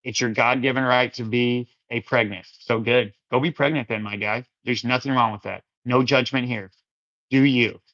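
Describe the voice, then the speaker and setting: A man's voice: medium pitch, steady tone, normal speed, a bit bright. A man hosting a casual Christian livestream chat, answering viewer comments in a rambling, easygoing way and calling listeners his friends and brothers. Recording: dull lo-fi sound.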